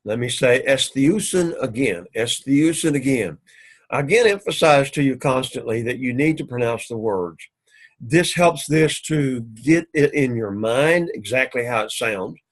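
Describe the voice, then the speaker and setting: Man, mid-pitch, patient Greek instructor, steady repetitive explaining, slow careful pronunciation. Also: low-quality recording. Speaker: Greek teacher. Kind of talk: recorded class lecture.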